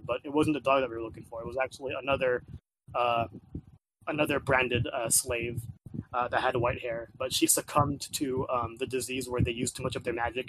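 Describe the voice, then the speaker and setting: A man chats casually about a video game he has been playing. He rambles, using lots of filler words and repeating himself as he restarts sentences. His voice sits at a middle pitch, and there is a faint hiss in the background. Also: poor audio. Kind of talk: casual chat.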